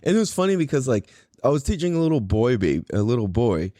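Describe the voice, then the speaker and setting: Animated man telling a story. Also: mid-range voice, fast, no echo, studio quality. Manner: animated, profane, laughs often. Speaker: podcast host. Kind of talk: casual storytelling.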